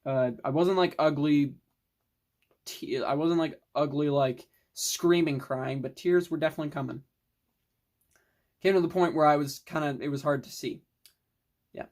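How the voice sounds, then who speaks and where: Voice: medium pitch, normal speed, long pauses, a little mellow. A person casually reviewing films in a video, rambling and restarting sentences, with the odd swear word. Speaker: film vlogger.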